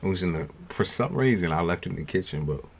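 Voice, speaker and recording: Deep-voiced laid-back man snacking on stream. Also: animated, quick pace, gravelly, breathy edge. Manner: slangy, laid-back, chats while eating snacks. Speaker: tarot reader streaming live. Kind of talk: casual livestream chat. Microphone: new studio mic.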